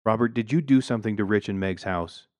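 A man's voice: on the low side, quick pace, a little mellow, no room sound, lightly acted. A man voicing a stern wife and mother who scolds sharply. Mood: scolding.

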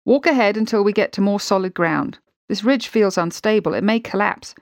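A woman's voice: medium pitch, moderate pace, dry recording, studio quality, close to an everyday voice. A woman reading the part of an older man driving a horse ambulance, blunt and urgent. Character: older male horse-ambulance driver, gruff, practical.

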